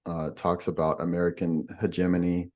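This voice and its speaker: A man's voice: sits low, monotone, a little fast, mellow. A man explaining language differences in a podcast conversation, patient and giving examples as he goes.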